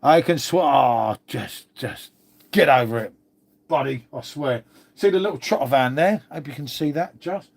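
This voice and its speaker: A man's voice: mid-range voice, moderate pace, creaky, darkish tone. A man with a London-area English accent, from Old Windsor, chatting casually on a livestream while reading comments, swearing freely, calling everyone mate, and sounding congested with a cold. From England (Old Windsor, Berkshire). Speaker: livestream host.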